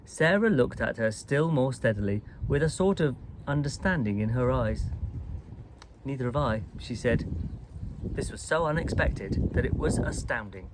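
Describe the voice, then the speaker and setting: A man reading a children's storybook aloud in an expressive, lively way. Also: medium pitch, normal speed, background noise. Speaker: storybook reader.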